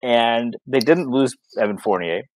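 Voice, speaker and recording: A man co-hosting a sports podcast, chatting casually and rambling through fillers and restarts. His voice is mid-pitched and sits close and dry on the mic, with no room sound around it. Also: a little slow, dry recording, rough recording. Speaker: podcast co-host.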